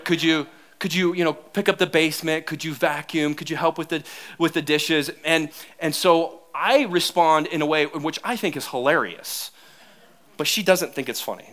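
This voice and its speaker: A middle-aged man preaching a sermon to his church, telling funny stories about his marriage in an animated, self-mocking way and laughing often. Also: fairly high pitch. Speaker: pastor. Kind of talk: sermon with humorous personal stories.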